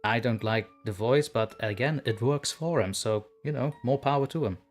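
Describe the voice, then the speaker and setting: Man hosting a casual chat, laughs a lot, says what he thinks, some soft music in back. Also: medium pitch, moderate pace. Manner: chatty, laughs often, blunt opinions. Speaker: podcast host.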